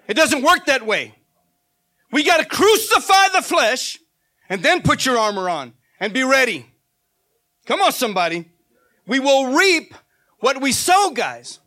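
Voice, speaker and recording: Male preacher, very high, forceful voice, emphatic informal sermon with repeated call-outs.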